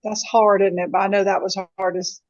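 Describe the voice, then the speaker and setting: A woman hosting an online group call, effusive in her praise and slow in her phrasing. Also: mid-range voice, flat delivery, a little mellow, no room sound, lo-fi sound. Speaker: host.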